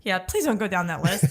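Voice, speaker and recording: A woman co-hosting a podcast in casual chat, telling stories and acting out her own thoughts as quotes. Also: medium pitch. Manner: chatty storyteller who acts out her own quoted thoughts. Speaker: podcast co-host.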